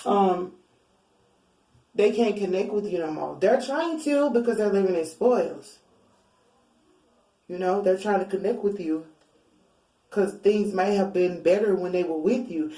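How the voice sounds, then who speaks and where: Tarot reader woman, relaxed chatty delivery, a little off-mic in an echoey room. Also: mid-range voice, moderate pace, long pauses. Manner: chatty, informal, laughs often. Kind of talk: casual spiritual reading. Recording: roomy, a bit far from mic.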